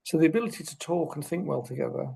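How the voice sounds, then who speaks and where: Middle-aged man, podcast guest; gravelly, husky, a bit higher-pitched, animated explainer. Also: fast talker, rough recording. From United Kingdom. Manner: animated storyteller, acts out quoted speech. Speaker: guest, social care researcher. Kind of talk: conversational podcast interview.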